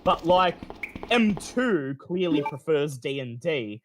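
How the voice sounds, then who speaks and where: A man's voice: on the high side, big pitch swings, slow, background noise. A man streaming a game, explaining at length in casual chat, with frequent restarts and fillers.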